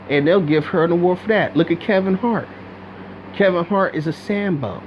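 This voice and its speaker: High-voiced man ranting bluntly. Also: moderate pace, a little mellow, slight background noise, poor audio. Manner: blunt, profane, rambling, with many restarts. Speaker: video commentator. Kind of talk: unscripted commentary rant.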